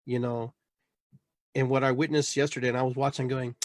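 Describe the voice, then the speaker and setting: A middle-aged man hosts a casual town-hall style chat, talking in an emphatic, rambling way with frequent restarts. His voice sits at an ordinary pitch for a man. The recording is dry, with no room sound. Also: flat delivery, fairly quick. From Peru. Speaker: podcast host.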